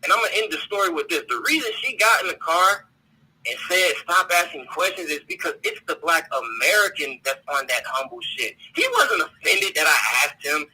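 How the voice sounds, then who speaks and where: Raspy, sharp-voiced man ranting on a call-in. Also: a little high, expressive, normal speed, low-quality recording. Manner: blunt, profane, repeats words while searching. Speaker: caller. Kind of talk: heated call-in rant.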